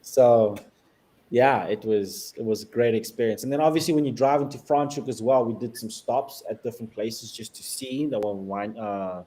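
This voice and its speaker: A man from South Africa, a guest on a travel talk show, telling animated stories and laughing often. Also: medium pitch, normal speed, rough recording. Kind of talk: casual travel chat.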